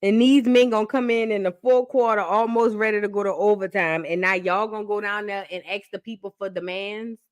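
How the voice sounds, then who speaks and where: Fiery, high-voiced woman ranting. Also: fairly bright tone. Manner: fiery, profane and emphatic. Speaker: reaction video host. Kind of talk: fired-up reaction commentary.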